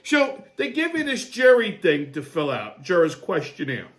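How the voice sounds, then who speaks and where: A man's voice: high-pitched, normal speed. Foul-mouthed, sarcastic male host ranting. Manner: profane, sarcastic and swinging between muttering and excited outbursts. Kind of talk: comedic storytelling monologue.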